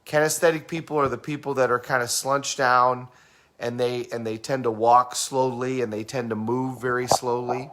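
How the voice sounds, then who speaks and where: A man in a casual teaching talk who explains communication styles, asks the listener questions and acts out fast and slow talkers. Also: medium pitch, fairly even intonation, fairly bright tone.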